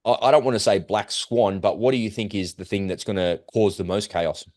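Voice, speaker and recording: Guy ranting on a podcast, lowish voice, dry close mic. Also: steady tone, a little fast, a little mellow, no echo. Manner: heated, emphatic, acts out quoted voices. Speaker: podcast co-host. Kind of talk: casual conversation.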